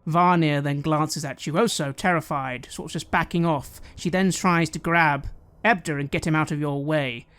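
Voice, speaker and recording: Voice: medium pitch, fairly even intonation, fairly bright tone, clean tone. A game master narrating scenes and asking players what they do. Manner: descriptive, measured narration.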